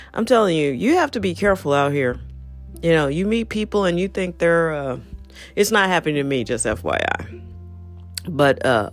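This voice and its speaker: Chatty woman hosting a podcast. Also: low voice. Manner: chatty, confiding, speaks straight to listeners. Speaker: podcast host. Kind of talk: casual podcast monologue.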